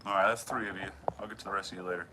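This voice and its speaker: A man's voice: low-pitched, steady tone, very fast. A man casually chatting with viewers on a livestream while he works in his workshop, swearing freely and mumbling as he goes. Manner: profane, laid-back, mumbles while working. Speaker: knifemaker livestreaming from his shop. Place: home workshop. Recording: noisy workshop livestream audio.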